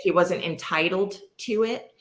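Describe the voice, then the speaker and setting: A woman's voice: lowish voice, measured pace, fairly bright tone. Blunt, self-mocking middle-aged woman. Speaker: podcast host. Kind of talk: candid casual chat.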